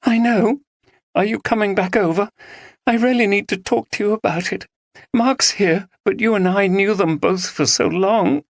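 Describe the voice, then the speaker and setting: A narrator voicing a distraught young woman who is crying and pleading in a high, trembling voice. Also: lively intonation, unhurried, no echo, clean studio sound.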